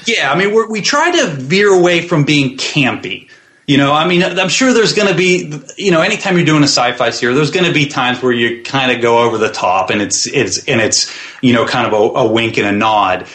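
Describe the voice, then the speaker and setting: A man's voice: mid-range voice, animated, fairly quick, a bit bright. A man, guest on a podcast, describing his web series in a thoughtful interview style with plenty of fillers and restarts.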